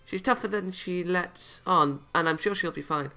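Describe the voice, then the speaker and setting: A man voicing an earnest young female angel archer in a visual novel, urging in a high put-on voice. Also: moderate pace, sharp tone, faint music behind.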